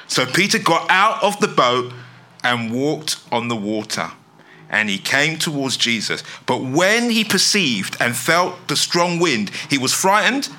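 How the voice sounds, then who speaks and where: A man preaching with a very bright, tense edge to his voice. His pitch leaps up and down as he drives his points home, pressing his listeners with rhetorical questions. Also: expressive, a little slow. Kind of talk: sermon.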